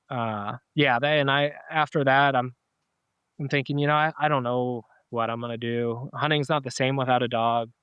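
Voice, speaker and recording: A man's voice: medium pitch, a bit bright, clean tone, no echo. A middle-aged man, a podcast guest, telling a personal story in a casual, rambling way with many fillers and restarts. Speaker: podcast guest, dog owner.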